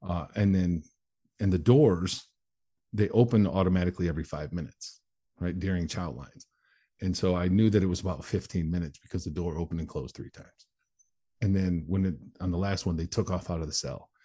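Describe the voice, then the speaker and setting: Deep, husky-voiced man telling his story. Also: brisk, dark tone. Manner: blunt, plain-spoken, occasional swearing. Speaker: interview guest, motivational speaker. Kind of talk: candid personal storytelling in conversation.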